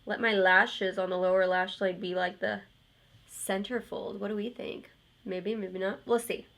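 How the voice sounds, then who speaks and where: A woman in her thirties talks through her makeup routine at home in a loose, candid way. Her voice sits at an ordinary middle pitch. She wanders off into rambling side stories and lets the odd swear word slip. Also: fairly even intonation, a little slow, creaky, fairly bright tone. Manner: chatty and candid, rambling asides, mild swearing. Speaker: beauty vlogger. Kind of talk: casual chat while doing a makeup tutorial.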